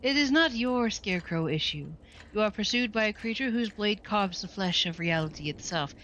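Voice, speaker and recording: A woman's voice: medium pitch, lively intonation, normal speed, a bit bright, lo-fi sound, a little hiss or hum, lightly acted. A woman voicing a solemn cosmic being that embodies the end of time, speaking in a grave, oracular way.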